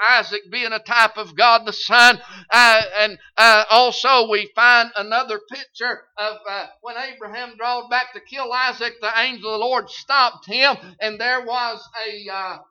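A man's voice: very high-pitched, sharp tone, smooth, lo-fi sound. A man preaching a sermon in a folksy, conversational way that swells into emphatic lines.

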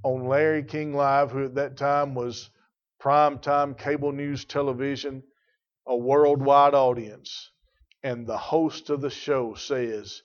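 A man delivering a sermon from the pulpit. His mid-range voice swells louder on key words and stretches them out for weight. The recording sounds dull and lo-fi. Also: medium pitch, little pitch movement. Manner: emphatic preaching with rising volume and drawn-out stresses; addresses congregation members by name. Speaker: pastor.

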